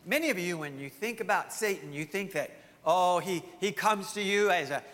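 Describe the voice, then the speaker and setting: A man's voice: sits high, lively intonation, moderate pace, fairly bright tone, big-room sound. A male pastor preaching a sermon emphatically, firing off rhetorical questions to his congregation.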